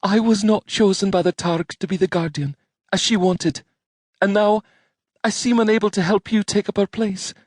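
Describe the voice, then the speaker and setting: A male audiobook narrator voicing an earnest young Highland woman, proud and anxious, pleading in a strained, urgent voice. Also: moderate pace, a little mellow, no room sound, studio quality. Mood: anguished. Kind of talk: audiobook character voice.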